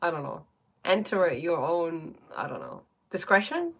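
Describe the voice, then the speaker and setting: A woman life coach in casual livestream chat, talking fast and thinking aloud as she answers viewers. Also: deep voice, big pitch swings, creaky, fairly bright tone.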